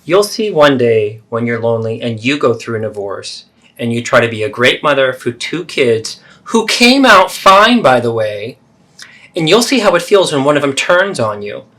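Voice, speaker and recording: A defensive, self-pitying middle-aged mother, played by a man swoops through a lively, expressive pitch as she deflects blame and guilt-trips. It is a therapeutic role-play, and her tone stays wounded and evasive. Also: normal speed.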